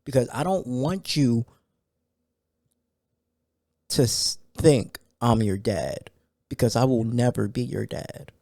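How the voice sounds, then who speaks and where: A man hosting a solo podcast in a loose, conversational way, full of fillers and sudden excited rants. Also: medium pitch, slow pace, vocal fry, long pauses, no room sound, studio quality. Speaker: podcast host. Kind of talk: casual solo podcast talk.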